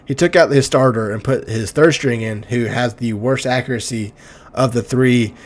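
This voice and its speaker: A man's voice: mid-range voice, normal speed. A young man from Oklahoma doing joking play-by-play commentary on a video game football league, often laughing and stumbling over names.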